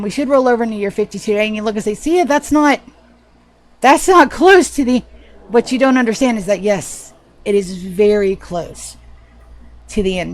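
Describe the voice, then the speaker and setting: A woman's voice: mid-range voice, a little mellow. A woman streaming a game live, chatting casually and swearing freely with a self-mocking, sarcastic manner. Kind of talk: casual live gameplay chat.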